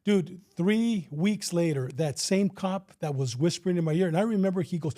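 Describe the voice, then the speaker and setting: Animated middle-aged man spinning a yarn. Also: high-pitched, normal speed. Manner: animated, acts out quotes, swears freely. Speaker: retired police officer, guest. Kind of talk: casual storytelling.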